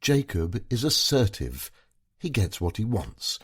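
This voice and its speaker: A man voicing a tipsy, sharp-tongued corporate wife who mocks and taunts her husband in a slurred voice. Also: on the low side, sing-song, measured pace, husky, pitched above the performer's own voice, heavily acted. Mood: lecturing.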